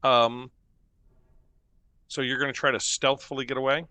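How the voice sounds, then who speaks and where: A man narrating as game master of a tabletop game, slow and hesitant with many fillers. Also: mid-range voice, flat delivery, bright, forceful tone, clear, resonant tone, dry recording.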